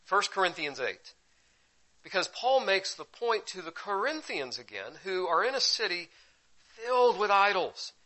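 A man preaching a sermon, teaching with sudden bursts of loud emphasis that drop into quiet asides. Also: high voice, very animated, measured pace, poor audio. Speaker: pastor.

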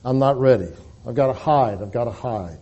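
A man's voice: medium pitch, normal speed, mellow, lo-fi sound, close to an everyday voice. A narrator voicing a panicked, guilt-stricken man in a storybook reading, desperate and repeating himself. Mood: terrified.

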